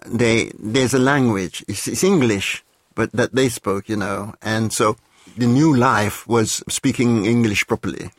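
Slow, halting male lecturer. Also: lowish voice, no room sound. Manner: reflective, halting explanation. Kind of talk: educational talk.

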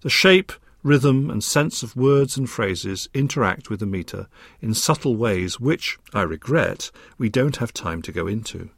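Lively, scholarly male lecturer. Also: mid-range voice, gravelly, slightly rough, no room sound, studio quality. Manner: measured, precise and scholarly, with a lively rising and falling delivery. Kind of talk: recorded academic lecture.

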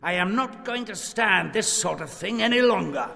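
A man's voice: high-pitched, animated, normal speed, vocal fry, bright, forceful tone, slight background noise, full character voice. A man reading aloud, putting on a growling voice for a stern old male miser of an employer. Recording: long hall reverb.

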